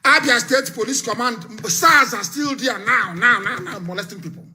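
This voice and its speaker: A man's voice: extremely high pitch, normal speed, bright, forceful tone. Fiery Nigerian man giving threatening warnings. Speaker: political activist broadcaster. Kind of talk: live radio broadcast speech.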